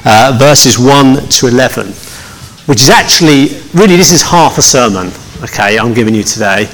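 Male pastor, middle pitch, relaxed joking sermon, long hall echo around him. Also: brisk. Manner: chatty, joking, with many restarts. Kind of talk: conversational sermon. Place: church hall.

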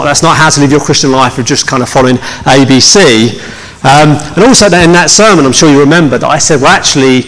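A man preaching a conversational sermon as pastor, joking with his congregation and often restarting his sentences. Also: medium pitch. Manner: chatty, joking, with many restarts. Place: church hall. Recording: long hall reverb.

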